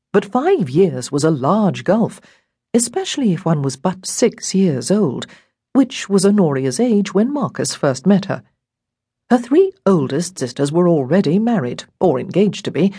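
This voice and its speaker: A woman narrating a novel in a measured storytelling manner. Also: fairly low pitch, mellow, husky, no echo, studio quality. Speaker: audiobook narrator. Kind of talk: scripted narration.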